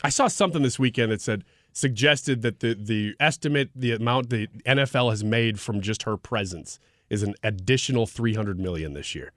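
A man's voice: lowish voice, normal speed, a bit bright, dry recording, clean studio sound. A man hosting a radio talk show, chatting casually and playfully quizzing his co-host. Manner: playful quizzing, laughs easily. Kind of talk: casual chat. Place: radio studio.

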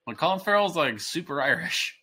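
A man in his thirties co-hosting a podcast, rambling excitedly with many restarts. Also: on the high side, a little fast. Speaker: podcast co-host. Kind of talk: casual chat.

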